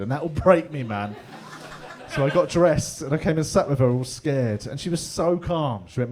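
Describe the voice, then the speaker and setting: Laddish middle-aged London comedian. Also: male voice, mid-range voice, animated, a little fast, dark tone. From England. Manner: chatty, laddish, swears freely, laughs along. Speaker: stand-up comedian. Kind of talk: stand-up comedy set. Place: pub comedy room with live audience.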